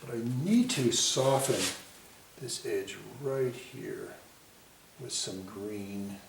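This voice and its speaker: A man giving a painting lesson, talking himself through each stroke in an unhurried, self-commenting way. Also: lowish voice, vocal fry. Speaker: painting instructor. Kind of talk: painting demonstration. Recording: echoey room, mic at a distance, faint hiss.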